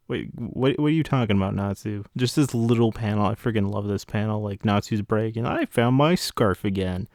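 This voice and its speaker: A chatty young man recaps a comic chapter in a loose, filler-heavy way and jumps into quick voices for the characters. His voice sits fairly low. The sound is dry and close, with no room around it. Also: creaky, a little mellow, dry recording. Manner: chatty, lots of fillers, acts out characters' lines. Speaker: manga reviewer.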